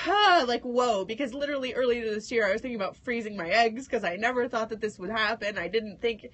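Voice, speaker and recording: A woman's voice: fairly high pitch, fast talker, breathy edge. A woman radio co-host sharing big personal news on air, nervous and tearful, laughing through her words. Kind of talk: emotional on-air announcement.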